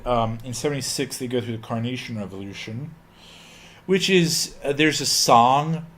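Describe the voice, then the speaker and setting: A man giving a casual history lecture, rambling along with many fillers and opinionated asides. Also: medium pitch.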